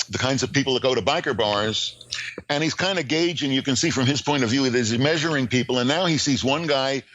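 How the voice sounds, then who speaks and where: An older man, a screenwriting teacher and podcast guest, telling stories in a lively way with plenty of fillers and restarts. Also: medium pitch, fairly quick, muffled recording. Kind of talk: casual interview, storytelling.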